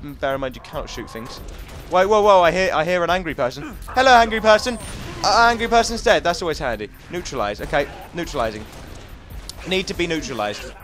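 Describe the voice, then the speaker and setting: A man's voice: a little high, lively intonation, brisk, fairly bright tone, faint music behind. A young English man giving jokey, chatty commentary over a video game, talking to the enemies on screen. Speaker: gaming commentator. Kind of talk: casual let's-play commentary.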